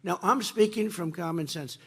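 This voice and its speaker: A man giving a rally speech, emphatic and repetitive, jumping from loud bursts to low asides, speaking into a podium microphone. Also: normal speed, breathy edge. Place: campaign rally before a crowd.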